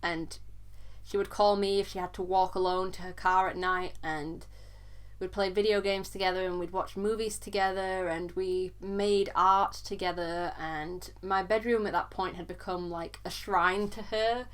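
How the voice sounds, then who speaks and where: A woman's voice: on the low side, steady tone, clear, resonant tone. Earnest young woman telling a personal story. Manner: earnest, halting, repeats words when struggling. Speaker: vlogger.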